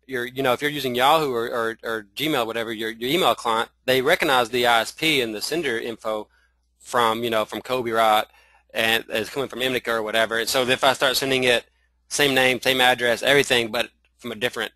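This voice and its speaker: An online marketing trainer with a Southern accent leads a live screen-share webinar, speaking haltingly with lots of restarts and fillers and calling his viewers "y'all." His medium-pitched voice sounds pushed and bright. There's no echo, but the audio quality is poor.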